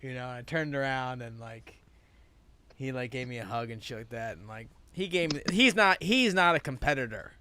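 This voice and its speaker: A man's voice: medium pitch, lively intonation, normal speed, sharp tone, slight background noise. A man hosting a podcast in casual chat, telling stories animatedly, acting out quotes and swearing freely, recorded outdoors. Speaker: podcast host.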